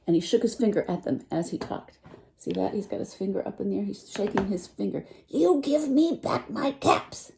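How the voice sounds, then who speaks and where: A woman teacher reading a picture book aloud to children, animated and full of questions for her listeners. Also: mid-range voice, quick pace, vocal fry, slight background noise. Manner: animated, asks listeners questions, lively voice swings.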